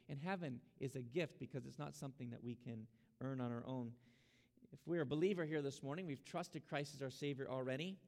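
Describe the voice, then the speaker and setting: Pastor guy preaching, kinda gravelly, slightly high voice, long church echo. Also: a little mellow. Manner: earnest preaching, urging and exhorting. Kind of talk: sermon. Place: church sanctuary. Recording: long hall reverb.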